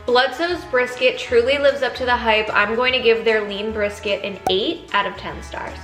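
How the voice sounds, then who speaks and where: A young woman hosting an upbeat food review vlog. Her voice sits a little high, and she sounds eager as she stops to taste things. It is recorded in an echoey room with faint music underneath. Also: moderate pace. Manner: enthusiastic, tasting food between lines. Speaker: food vlogger.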